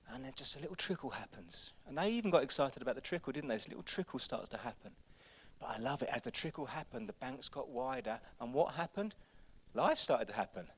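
A male pastor preaching a sermon in a church, building to loud, energetic exhortation. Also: medium pitch, gravelly, slightly rough. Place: church hall.

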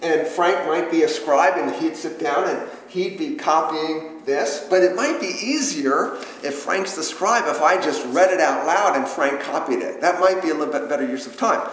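In a church hall with long, echoey reverb, a man with a highish voice, normal speed and a fairly bright tone runs an interactive Bible study. He talks conversationally, quizzes the class and slips in playful jokes.

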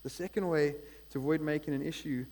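A man preaching a sermon in an energetic, conversational way, often checking in with the congregation. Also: fairly high pitch, quick pace. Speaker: pastor.

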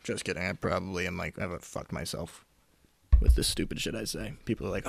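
Low-pitched and creaky, a young man talks quickly into a close studio mic with no room sound. Hosting his podcast alone, he rambles, jokes, ribs himself, and suddenly whispers or puts on voices.

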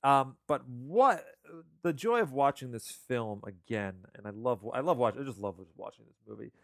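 A man co-hosting a casual film discussion, talking in halting bursts with many restarts. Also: mid-range voice, lively intonation, vocal fry, no room sound, clean studio sound. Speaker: podcast co-host.

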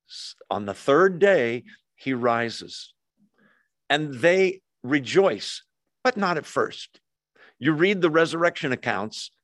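A male pastor preaching a conversational sermon, acting out quoted voices with lively asides. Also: on the high side, dry recording.

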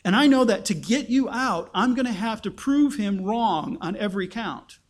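A man voicing God as a calm, all-knowing male deity speaking in a steady, matter-of-fact way. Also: sits high, normal speed. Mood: resolute.

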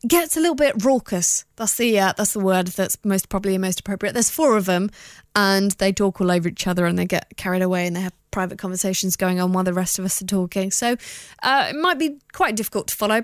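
Woman, young adult, podcast host, casual chat, blunt, sweary, middle pitch, dry studio sound. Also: fairly quick, no echo. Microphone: studio microphone.

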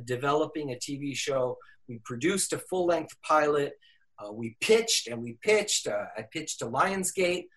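An older man, an English professor, telling a story in an interview with lots of fillers and restarts. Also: a little high. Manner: animated, laughing, many fillers and restarts.

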